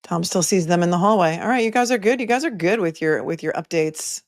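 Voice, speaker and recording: A woman's voice: lowish voice, expressive, fairly quick, dry recording. Chatty woman livestream host, dry close sound. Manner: chatty, wry asides to viewers. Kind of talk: casual livestream chat. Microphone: phone microphone.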